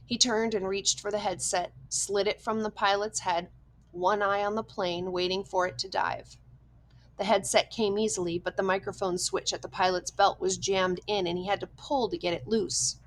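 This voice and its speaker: A woman's voice: medium pitch, flat delivery, normal speed, slight background noise, low-quality recording. Woman narrating a tense audiobook. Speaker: audiobook reader. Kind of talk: scripted narration.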